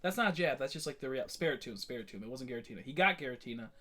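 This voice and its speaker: Fast-talking young man ranting on stream. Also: mid-range voice, animated, bright, forceful tone. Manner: rambling, blunt and ranting, with many fillers and restarts. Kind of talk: casual live-stream chat.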